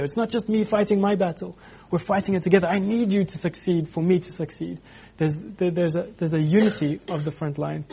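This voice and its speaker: Husky-voiced man preaching. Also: a little high. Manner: animated, acts out quotes, many restarts. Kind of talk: informal sermon.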